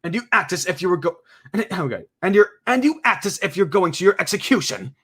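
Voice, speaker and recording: A man's voice: sits high, very animated, fast, fairly bright tone, slightly rough, pitched above the performer's own voice, full character voice. A man voicing an arrogant wealthy young man who speaks in a smug, condescending way. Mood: scolding.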